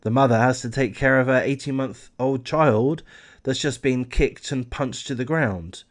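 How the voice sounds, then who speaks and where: A man reads a true crime article aloud, stopping often to add his own blunt opinions. He talks casually, curses freely and drifts into rants. His voice sits at an ordinary middle pitch. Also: a little slow. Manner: candid, swears freely, slips into ranting asides. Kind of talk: reading a news article aloud with casual commentary.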